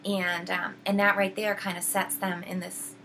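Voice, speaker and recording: A woman's voice: lowish voice, flat delivery, moderate pace, bright, forceful tone, slight background noise, poor audio. Rambling woman retelling a story. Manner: rambling, many fillers and restarts. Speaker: video host. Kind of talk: casual retelling of a book plot.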